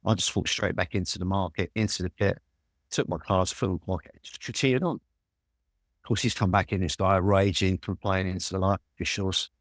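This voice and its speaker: Low-voiced London man in his sixties. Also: normal speed, no echo, clean studio sound. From Walthamstow, London. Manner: lively storyteller who swears freely. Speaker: guest. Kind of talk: telling anecdotes in an interview.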